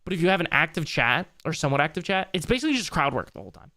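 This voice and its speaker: A young man chats quickly into a close mic while he streams, his talk loose, rambling and sprinkled with swearing. He sounds worn down by a long night. The room is dry, with no echo. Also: fairly high pitch, big pitch swings, pushed and bright. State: tired late in a long stream. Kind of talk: casual live-stream commentary.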